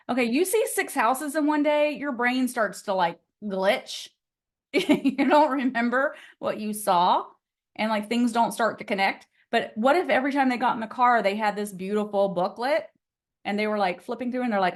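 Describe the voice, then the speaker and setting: A woman's voice: fairly high pitch, normal speed. Chatty, upbeat woman teaching a class. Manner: chatty, upbeat, laughs often. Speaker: real estate trainer. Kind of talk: casual live online class.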